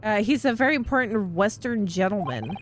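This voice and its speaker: A woman voicing a rude, gruff young male sailor who guards a cabin and speaks in blunt, broken English. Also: medium pitch, lively intonation, moderate pace, slight background noise, natural voice.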